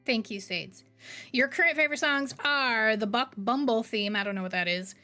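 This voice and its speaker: A talkative woman in her thirties with a fairly high voice, chatting loosely with her viewers. Her tone jumps up for greetings and drops low for asides, with faint music playing underneath. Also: normal speed. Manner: chatty, rambling, swings between bright greetings and low asides. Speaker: streamer. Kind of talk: casual chat reading live chat.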